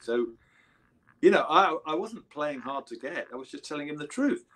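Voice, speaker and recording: A man's voice: a little high, lively intonation, normal speed, a bit bright, poor audio. A man in his seventies with an English accent, a guest musician telling rambling anecdotes and correcting himself as he goes. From England. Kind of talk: casual storytelling interview.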